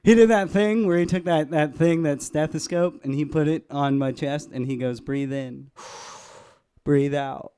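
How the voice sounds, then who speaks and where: A man doing a live stand-up set in a club, deadpan, chuckling at his own jokes. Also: medium pitch, clean tone. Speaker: stand-up comedian. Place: comedy club stage.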